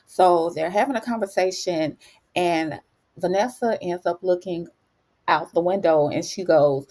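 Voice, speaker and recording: A woman giving a casual, slangy TV episode recap. She calls the listener honey and acts out the characters' lines in lively, shifting tones. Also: lowish voice, measured pace. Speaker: TV recap host.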